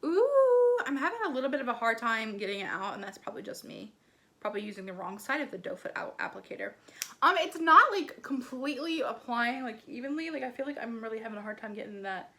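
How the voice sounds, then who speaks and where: A woman beauty vlogger gushing through an excited unboxing, gasping often and filling her talk with "like" and "oh my gosh.". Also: a little high, fast talker. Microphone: ring light setup, desk camera.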